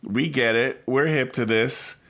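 A man co-hosting a podcast, talking in a wry, deadpan, casual way. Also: medium pitch, unhurried, vocal fry. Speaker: podcast co-host. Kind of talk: casual banter.

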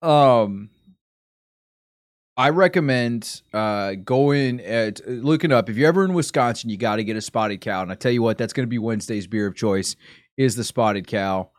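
A man's voice: mid-range voice, moderate pace, dry recording, studio quality. A man streaming a casual chat, rambling and often sidetracked, interrupting himself as he talks.

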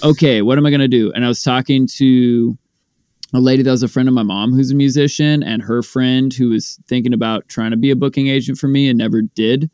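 A man co-hosting a podcast, telling a joking, animated story in casual chat. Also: medium pitch, fairly quick, clean tone, no room sound, studio quality. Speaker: podcast co-host, rapper.

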